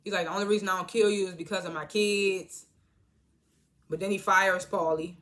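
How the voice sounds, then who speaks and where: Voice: mid-range voice, steady tone, fairly quick, fairly bright tone, slight background noise. A TV reviewer giving a loose, slangy recap of an episode, acting out the characters' lines and laughing often.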